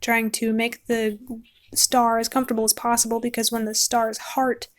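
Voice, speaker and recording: A woman's voice: on the high side, little pitch movement, moderate pace. Chatty woman rambling about a book. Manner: chatty, rambling, laughs often. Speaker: book vlogger. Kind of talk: casual rambling book talk while painting.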